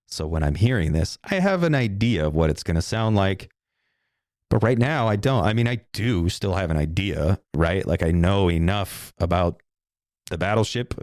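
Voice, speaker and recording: A middle-aged man with a deep, low voice talks alone into the mic, wandering from thought to thought. He swears freely and keeps it loose and casual. The sound is close and dry, with no room around it. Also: darkish tone, no echo. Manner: casual, profane, digressive. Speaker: podcast host. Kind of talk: rambling solo monologue.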